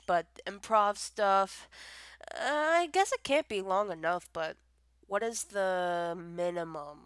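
A woman's voice: medium pitch, a bit bright, smooth, no room sound. A young woman teasing and giggling in a casual, improvised intimate audio role-play, recorded close on a home microphone.

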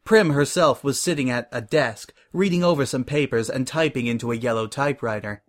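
A man narrating a fan-fiction story in a steady reading voice. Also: medium pitch, brisk.

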